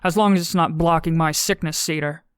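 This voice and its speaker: A man's voice: on the high side, steady tone, fairly quick, a bit bright, smooth, no echo, lightly acted. A woman voicing a crude, leering male office clerk with a brash, jeering manner in an audiobook.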